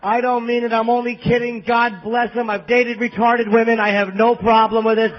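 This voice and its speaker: Brash high-voiced man doing stand-up. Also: level tone, normal speed. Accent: New York. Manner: crude, self-deprecating, brash. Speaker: stand-up comedian. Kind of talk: stand-up set. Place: live club theater. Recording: muffled bootleg audience tape.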